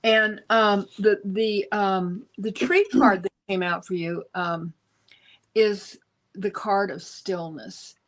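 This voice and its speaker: A woman's voice: mid-range voice, fairly even intonation, slow. A woman on a live stream giving intuitive spiritual guidance, searching for words with many restarts and ums. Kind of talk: casual spiritual guidance talk.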